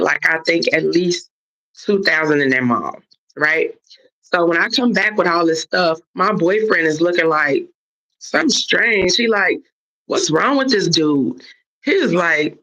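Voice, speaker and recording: A woman's voice: low-pitched, vocal fry. A woman casually telling a long story on a live stream, acting out what others said. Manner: animated retelling that acts out others' lines. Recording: dull lo-fi stream audio.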